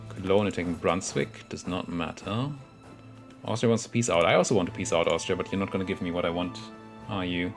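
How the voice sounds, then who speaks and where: A young man casually commentating his own strategy game, thinking aloud and muttering at the units on screen. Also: low voice. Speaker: gameplay commentator.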